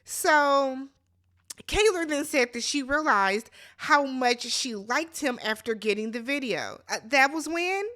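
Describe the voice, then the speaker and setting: A woman's voice: high-pitched, expressive, unhurried, hardly any pauses, bright, forceful tone. A woman hosting a casual reality TV recap, sassy and chatty, talking straight to her viewers. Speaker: recap host.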